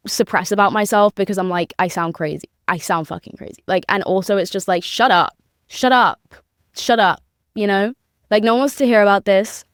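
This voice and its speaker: A woman's voice: medium pitch, no room sound, clean studio sound. A young woman hosting a podcast, talking in a rambling, emphatic, confessional way, with lots of fillers and swearing. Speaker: podcast host. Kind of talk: casual confessional monologue.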